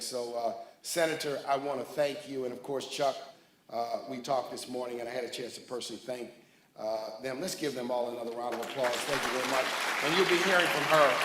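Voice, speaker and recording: Man at a podium, bright, forceful voice, crowd murmur and echo in a big room. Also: medium pitch. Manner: jovial, rousing, names dignitaries. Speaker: speaker at a ribbon cutting. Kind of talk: public speech to a crowd. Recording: echoey hall, crowd noise.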